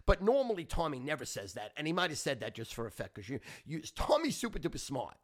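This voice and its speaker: A man's voice: fairly high pitch, wildly swooping pitch, quick pace. A middle-aged man hosting a podcast, telling stories in a brash, profane, boastful way. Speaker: podcast host. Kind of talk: casual storytelling monologue.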